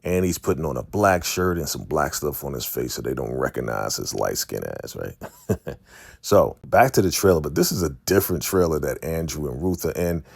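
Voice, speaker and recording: A man with an extremely deep voice and a gravelly edge casually recaps a TV episode, calling his viewers family. The sound is dry and close. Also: animated, normal speed, dry recording. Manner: chatty, addresses viewers as family. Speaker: recap host.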